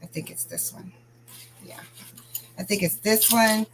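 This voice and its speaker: A woman's voice: medium pitch, a little slow, noisy background. A woman chatting casually while crafting on a livestream, greeting viewers by name as she works.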